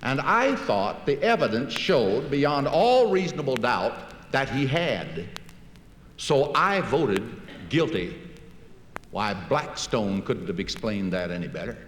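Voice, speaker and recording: A man's voice: mid-range voice, sing-song, slow pace. A man giving a public speech in a folksy storytelling manner, acting out conversations as he tells them. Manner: folksy storytelling, acts out dialogue. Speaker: public speaker. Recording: echoey hall recording with faint hiss.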